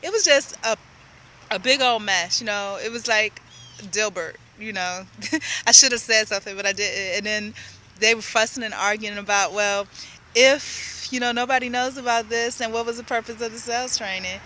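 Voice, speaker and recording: A woman's voice: a little high, moderate pace, pushed and bright, a little hiss or hum, low-quality recording. A woman, ranting in a chatty, rambling way about her day and acting out what other people said in her own voice. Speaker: vlogger. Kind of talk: casual rambling rant.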